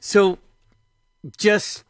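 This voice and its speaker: A middle-aged man hosting a podcast, chatting casually and retelling conversations in an animated way, full of "like". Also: drawn-out words, no room sound, studio quality. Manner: animated storyteller, retells dialogue, frequent "like". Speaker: podcast host.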